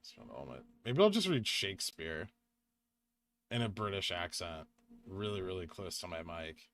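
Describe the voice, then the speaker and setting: A young man hosting a casual livestream, chatting with viewers, reading out donations and making quick asides. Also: sits low, very animated, fairly bright tone. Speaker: livestream host.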